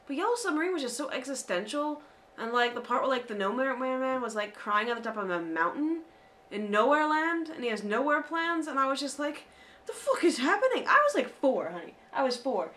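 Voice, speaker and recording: An American woman co-hosting a casual podcast, chatty and animated, with many fillers. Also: high-pitched, fairly quick. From United States. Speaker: podcast co-host. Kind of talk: casual chat.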